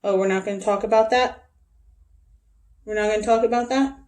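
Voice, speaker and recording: A woman's voice: medium pitch, steady tone, fairly quick, a little mellow. A woman teacher chatting casually to her students in a video made at home, often turning aside to talk to her dogs. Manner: chatty, talks to her dogs between remarks.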